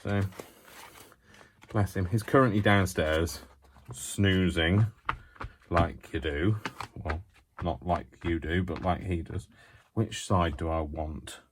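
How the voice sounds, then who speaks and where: Low-voiced man rambling through a craft demo. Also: slow pace, long pauses, a little hiss or hum. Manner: rambling, self-mocking asides. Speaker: craft tutorial host. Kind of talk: chatty hands-on demonstration.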